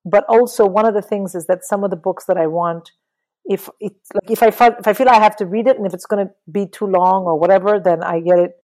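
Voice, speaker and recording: A middle-aged woman talking casually about books in an interview, animated and swearing freely. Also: mid-range voice, fast talker, rough recording. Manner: animated, swears, mimics people in quotes. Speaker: guest.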